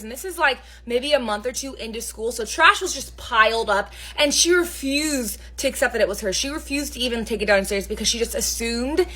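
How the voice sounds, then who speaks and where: A woman's voice: on the high side, lively intonation, fairly quick, hardly any pauses, pushed and bright. A woman telling a storytime vlog in a chatty way, with plenty of "like" fillers. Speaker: vlogger.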